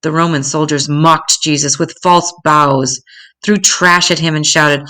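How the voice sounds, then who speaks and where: Low-voiced older woman reading a story. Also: fairly even intonation. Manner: gentle, measured reading with voiced quotes. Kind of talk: storybook read-aloud.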